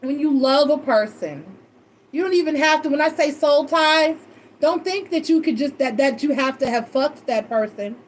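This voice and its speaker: Brief: high-pitched woman reader, loose emotional chat, salty language. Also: normal speed, a little hiss or hum. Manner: animated, emotional and swearing freely. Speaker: tarot reader. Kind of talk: casual storytelling chat.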